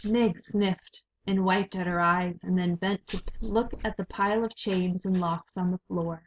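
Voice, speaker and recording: Sex: woman. Style: slow read-aloud narration. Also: on the low side, a little hiss or hum. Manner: slow, measured, expressive. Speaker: reader. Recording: dull lo-fi recording.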